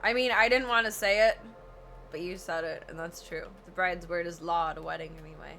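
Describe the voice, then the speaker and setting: A woman's voice: on the low side, steady tone, a little fast, gravelly, a bit bright, faint music behind. A woman streaming a video game, chatting casually, swearing freely and breaking into laughing shrieks. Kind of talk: casual gameplay chat.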